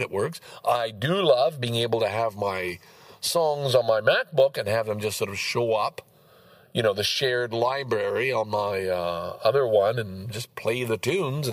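Gravelly, profane rambling podcast man. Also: medium pitch, no echo. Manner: profane, blunt, digressive. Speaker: podcast host. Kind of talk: rambling solo podcast monologue.

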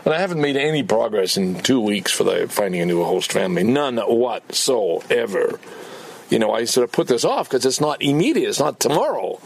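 A man's voice: mid-range voice, big pitch swings, normal speed, vocal fry, a little hiss or hum. An older man, ranting and swearing in a personal vlog about a frustrating day. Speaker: vlogger.

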